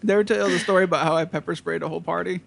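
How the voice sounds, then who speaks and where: A young man with a notably high voice tells a rambling party story to friends. His delivery is loose and profane, and he keeps acting out the other people in it. He laughs his way through the telling. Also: steady tone, very fast, gravelly. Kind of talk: casual chat, storytelling.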